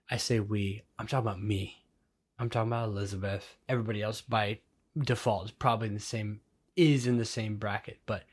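A man co-hosting a podcast, chatting casually and joking with his wife. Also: lowish voice. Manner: joking, conversational. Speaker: podcast co-host. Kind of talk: casual chat.

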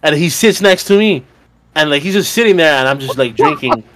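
A man's voice: on the high side, expressive, a little fast, fairly bright tone, slight background noise. Young man rambling through a bar story. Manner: rambling, profane, filler-heavy retelling with laughs. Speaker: podcast co-host. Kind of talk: casual chat storytelling.

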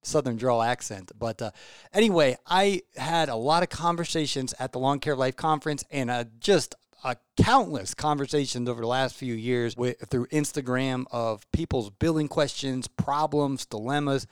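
In a dry studio recording, a man hosts a podcast with a medium-pitched, clean voice at a moderate pace. The casual, enthusiastic talk wanders into tangents between listener reviews and ad reads.

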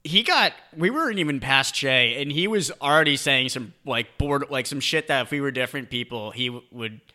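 Bright-voiced young guy rambling. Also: mid-range voice, expressive, fairly quick. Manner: rambling, profane, trips over his words. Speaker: podcast co-host. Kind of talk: casual chat.

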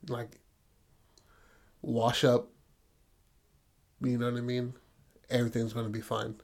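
A man voicing a stepmother who speaks softly and calmly. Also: medium pitch, unhurried, natural voice. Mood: calming. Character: soothing stepmother woman.

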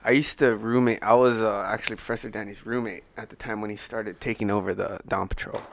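A man who teaches jiu-jitsu, a guest on a podcast, talking in a laid-back, unhurried way. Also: fairly low pitch, steady tone, no echo. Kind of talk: casual podcast conversation.

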